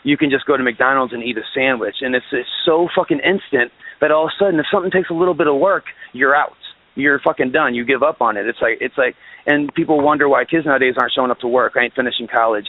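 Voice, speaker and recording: A man's voice: mid-range voice, quick pace. A man calling in as a guest musician, talking in a ranting, profane way and often restarting his sentences. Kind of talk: casual phone-in interview. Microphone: phone. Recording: tinny phone line.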